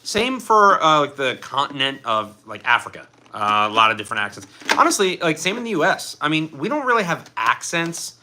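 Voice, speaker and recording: A Philly-accented man from Philadelphia runs a casual livestream, rambling and reading out comments against a noisy background. His voice is a little high and very animated, fairly quick, with hardly any pauses.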